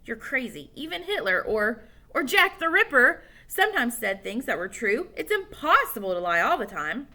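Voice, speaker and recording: An argumentative boy laying out his case insistently, with a bright, lively voice that climbs and dips, as a woman voices him in a storybook. He presses each point home. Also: on the high side, normal speed, hardly any pauses. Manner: insistent, lecturing. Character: argumentative boy, quick to reason.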